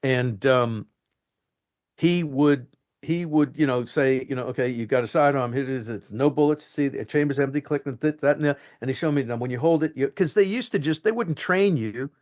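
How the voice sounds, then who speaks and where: A man, an actor being interviewed, telling animated stories from film sets and acting out the lines. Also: medium pitch, moderate pace. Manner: animated, acts out quotes and lines. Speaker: actor guest. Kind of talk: anecdotal interview storytelling.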